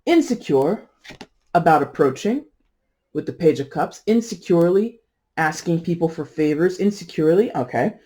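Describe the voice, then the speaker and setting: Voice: mid-range voice, warm tone. A tarot reader giving a casual, rambling reading who laughs often and corrects themselves mid-sentence.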